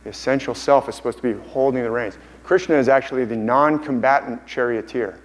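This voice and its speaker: In a conference hall, a man with a medium-pitched voice lectures briskly and enthusiastically, often repeating and restarting phrases. The recording is rough.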